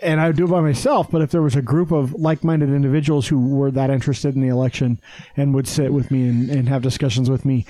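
A man's voice: medium pitch, flat delivery, fast, warm tone, no room sound. A man hosting a casual podcast, rambling and swearing freely, with lots of fillers. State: hyped on energy drinks. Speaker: podcast host. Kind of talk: casual chat.

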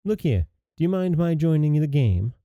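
Man doing bold carefree storybook youth, gravelly, dull muffled audio, soft music. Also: on the high side, very animated, normal speed, no echo, voice pushed up. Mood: cheeky. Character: fearless cheerful young man, the youth.

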